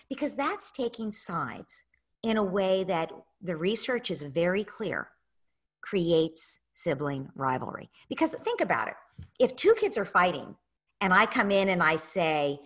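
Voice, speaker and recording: An American woman, a parenting expert, answers audience questions in an online masterclass, animatedly acting out parents and kids in quoted lines. Her voice is mid-range and slightly rough, at a moderate pace.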